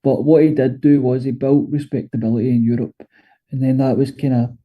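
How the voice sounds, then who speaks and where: A man's voice: mid-range voice, little pitch movement, a little fast, muffled recording. A Scottish man co-hosting a football podcast, talking casually and hesitantly, with many fillers and restarts. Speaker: podcast co-host.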